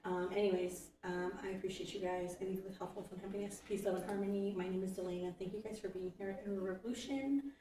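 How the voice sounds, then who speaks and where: Woman host, casual card reader, mellow tone, chatty and a bit profane, roomy distant sound. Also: mid-range voice, fairly even intonation, quick pace, few pauses. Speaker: host reading oracle cards. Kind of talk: casual card-reading livestream. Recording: roomy, distant from the mic with faint noise.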